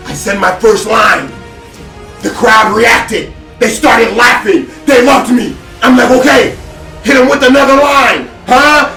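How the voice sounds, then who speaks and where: A young man telling a story to his vlog audience in an animated, self-hyping way. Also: high-pitched. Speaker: vlogger. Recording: roomy echo, distant mic.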